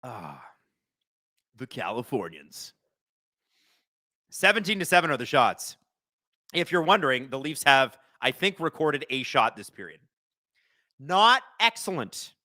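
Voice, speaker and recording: Lively, bright-voiced man hosting a live stream. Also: medium pitch, a little slow, long pauses. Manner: excitable, joking, chats with viewers. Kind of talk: live watch-along commentary, reading chat.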